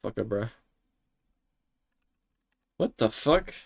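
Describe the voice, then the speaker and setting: A man's voice: lowish voice, animated, extremely slow, creaky, slightly rough. A man streaming a game live, reacting in panicky bursts, swearing and exclaiming as he plays.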